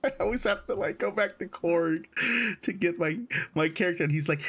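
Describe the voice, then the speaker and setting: A man streaming a game, with rambling, excitable, self-deprecating commentary and casual swearing. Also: high voice, a little slow, long pauses. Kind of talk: casual let's play commentary.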